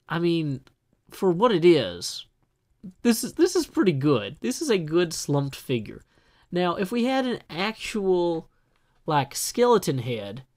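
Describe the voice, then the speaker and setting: A man casually talking through his building work in a video game, chatty and self-deprecating, with jokey asides. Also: fairly high pitch. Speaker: gameplay video host. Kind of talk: casual solo gameplay commentary.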